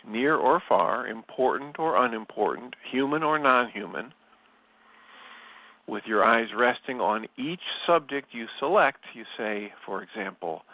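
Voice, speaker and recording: A man's voice: medium pitch, lively intonation, no room sound. A man reads spiritual passages aloud and adds his own reflections, taking his time and weighing each phrase. His voice sits in an ordinary middle register. The recording is close and dry, with a slightly dull, lo-fi tone. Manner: slow, measured and thoughtful. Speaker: study group leader. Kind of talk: reflective reading and commentary.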